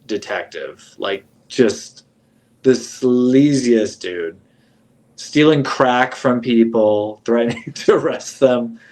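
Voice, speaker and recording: Animated swearing man in casual chat. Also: mid-range voice, slow pace, low-quality recording. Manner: animated, swearing, laughing as he talks. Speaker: guest.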